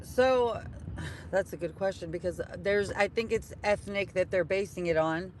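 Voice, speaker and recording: A man's voice: sits high, moderate pace. A man calling into a live audio discussion while on the move, speaking hesitantly with many fillers. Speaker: caller. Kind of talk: casual chat. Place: on the move near home. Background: traffic.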